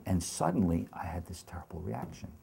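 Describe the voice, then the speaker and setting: An older man giving an oral history interview, speaking in a halting, reflective way with many restarts. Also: low voice, very animated, creaky, warm tone, breathy edge.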